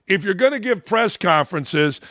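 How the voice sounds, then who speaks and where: A brash man hosting a sports talk show, his voice pitched high and bright. He mocks and jokes through his opinionated commentary, close and dry on the mic. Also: moderate pace, no room sound. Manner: brash and mocking, animated.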